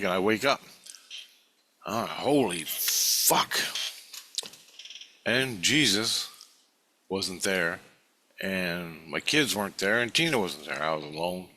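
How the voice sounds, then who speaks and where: A man with a lowish, bright, forceful voice recounts a dream in a meandering, foul-mouthed ramble. He keeps restarting his sentences and swearing as he circles back over the details. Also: slight background noise. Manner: profane, meandering storytelling with many restarts.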